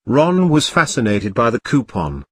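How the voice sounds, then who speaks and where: Brief: deadpan male parody narrator, animated intonation. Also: medium pitch, unhurried, breathy edge, dry recording. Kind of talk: comic storybook narration.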